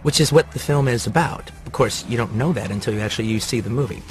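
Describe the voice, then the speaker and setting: A man's voice: mid-range voice, quick pace, soft background music. A man giving rambling, enthusiastic commentary on his favorite films, with many fillers. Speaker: film reviewer. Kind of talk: casual movie-list commentary.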